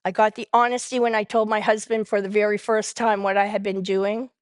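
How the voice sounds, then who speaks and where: A woman shares her recovery story from the stage in a mid-pitched voice. She tells it as a lively storyteller who slips into the voices of the people she quotes. The sound is dry and close, with no room echo. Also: a little fast. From Canada. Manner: animated storyteller who acts out quoted dialogue. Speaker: main speaker at a recovery convention. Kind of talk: personal recovery testimony.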